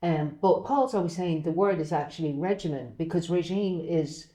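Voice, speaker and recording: A middle-aged woman co-hosting a chat show, telling stories in an animated way with frequent laughs. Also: fairly low pitch, normal speed. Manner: animated storyteller, laughs often. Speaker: co-host. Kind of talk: casual chat.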